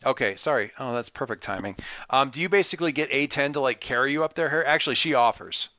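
Bright-voiced man running a tabletop game. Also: mid-range voice, fast talker, no echo. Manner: rambling, many fillers and restarts. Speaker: game master. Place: online voice call. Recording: muffled lo-fi voice chat.

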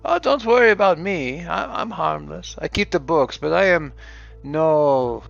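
A man voicing a fussy, curious, grumpy old male accountant who stammers in a raised pitch, on a dull recording with faint music. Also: lively intonation, measured pace, vocal fry, a bit bright, dry recording, heavily acted.

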